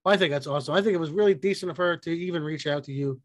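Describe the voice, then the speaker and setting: A man's voice: fairly high pitch, racing, no echo. Joking, swearing podcast co-host man. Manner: rambling, joking, swears casually. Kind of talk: casual chat.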